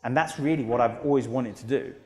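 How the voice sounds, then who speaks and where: A British man in his thirties giving an energetic motivational keynote in a large auditorium, telling stories with acted-out quotes. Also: medium pitch, fast talker, faint music behind. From United Kingdom. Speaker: motivational speaker. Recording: long hall reverb.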